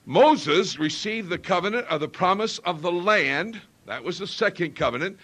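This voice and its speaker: Man preaching, emphatic cadence, high voice, bright tone, questions to the congregation. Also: lively intonation, normal speed. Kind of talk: sermon.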